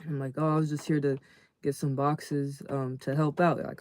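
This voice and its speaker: A man casually telling a story to his live chat in a slangy, animated way, acting out the people in it. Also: on the high side, moderate pace, dry recording. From California. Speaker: livestream host.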